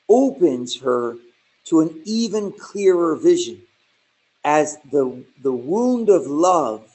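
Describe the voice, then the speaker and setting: Male preacher, voice on the higher side, casual animated Bible teaching. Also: rough recording. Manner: conversational and animated, with asides and jokes. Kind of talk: informal Bible teaching sermon.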